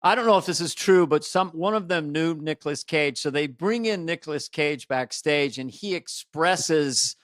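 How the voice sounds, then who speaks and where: An older man in his sixties with a fairly high voice, co-hosting a comedy podcast. He chats playfully and slips into character voices. The recording is dry and close. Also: normal speed, few pauses, fairly bright tone, no echo. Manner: playful, breaks into character voices and sound effects. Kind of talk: casual comedic chat.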